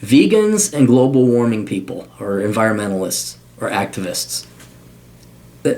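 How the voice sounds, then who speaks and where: A man's voice: fairly low pitch, sing-song, moderate pace, darkish tone. A man giving a blunt, unscripted opinion monologue as a video commentator. He curses, sounds sarcastic and dismissive, and often stammers and restarts mid-sentence. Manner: blunt and combative, with frequent cursing.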